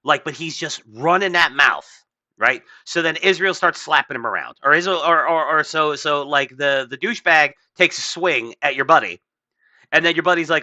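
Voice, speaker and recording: A man's voice: a little high, a little fast, pushed and bright, no echo. A man hosting a podcast, rambling in casual political chat, swearing and putting on mocking voices. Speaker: podcast host.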